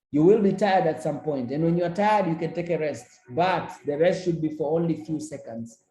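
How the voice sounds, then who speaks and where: A man's voice: high-pitched, mellow. Emphatic motivational man in an echoey room. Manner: repetitive, emphatic, encouraging. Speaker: business trainer. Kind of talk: motivational talk.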